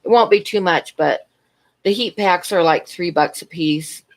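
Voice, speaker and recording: A woman's voice: on the low side, unhurried. A middle-aged woman rambling through a story on her livestream and answering chat in between. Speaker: livestream host.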